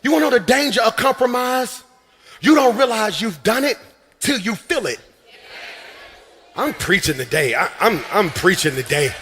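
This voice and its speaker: A man preaching to a church, his voice high and ringing. He shouts lines out, then drops into quick, playful asides with laughter. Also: very animated, breathy edge, soft background music. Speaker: pastor. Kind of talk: sermon. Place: church sanctuary.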